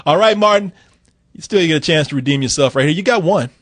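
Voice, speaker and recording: A man's voice: a little high, expressive, quick pace, fairly bright tone, dry recording. A man running a playful quiz in casual podcast chat, teasing his co-host and laughing often.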